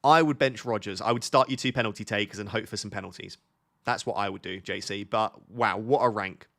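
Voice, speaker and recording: A man's voice: fairly low pitch, a little fast, vocal fry, fairly bright tone. Chatty man live-streaming. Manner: chatty, reads viewer questions aloud and answers them. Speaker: fantasy football streamer. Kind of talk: casual live-stream chat.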